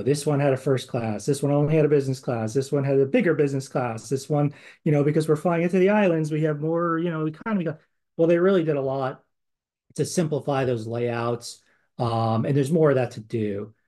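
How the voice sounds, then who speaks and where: Man, podcast co-host, casual chat, lots of ums and restarts, middle pitch. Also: warm tone. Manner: conversational, rambling with many fillers and restarts.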